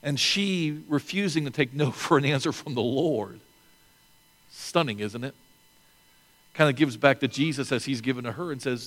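A male pastor delivers a sermon in a relaxed, conversational manner, often restarting phrases and adding asides. His voice sits in an ordinary middle register. The sound carries a long reverb, as in a church sanctuary. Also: medium pitch, moderate pace.

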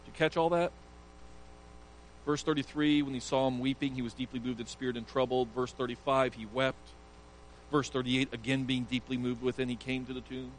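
A man's voice: mid-range voice, level tone, brisk, a little hiss or hum, low-quality recording. A male pastor preaching an earnest sermon, emphatic and sometimes stumbling over restarts.

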